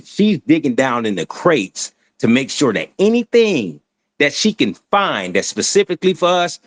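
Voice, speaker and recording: A man's voice: a little high, big pitch swings, normal speed, no room sound. A man talking casually and earnestly to a show audience, often restarting his sentences. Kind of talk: casual talk.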